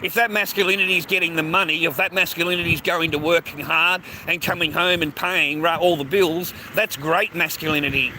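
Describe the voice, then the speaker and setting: An Australian vlogger records on a noisy, traffic-filled city street, rambling casually, swearing bluntly, and calling the listener "mate" nonstop. His voice is fairly high, steady, and sharp, and he speaks fairly quickly with hardly any pauses.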